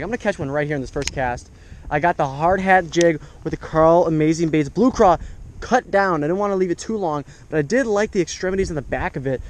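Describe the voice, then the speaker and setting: A man's voice: on the high side, a little hiss or hum. A man giving enthusiastic, exclaiming running commentary as a fishing vlogger, recorded outdoors on the water on an action camera.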